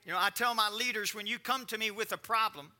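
A man preaching a conversational sermon, repeating lines and swinging between quiet and emphatic delivery. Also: high-pitched, fast talker. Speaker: pastor.

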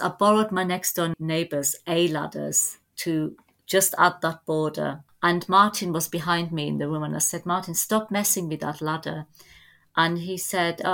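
A middle-aged woman telling family stories as a podcast guest, in a lively anecdotal way. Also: low voice, creaky. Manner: lively anecdotal storytelling with laughs. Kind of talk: storytelling in a podcast interview.

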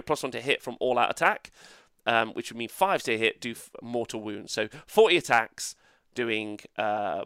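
A man co-hosting a casual tabletop gaming podcast, animated and swearing freely with lots of fillers. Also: mid-range voice, clean tone, dry recording, clean studio sound. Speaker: co-host. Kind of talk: casual podcast chat about tabletop games.

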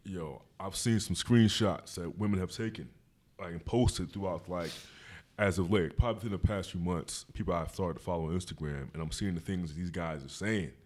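A man's voice: deep voice, a little fast, a little mellow. Slangy laid-back male podcast host. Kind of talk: casual chat.

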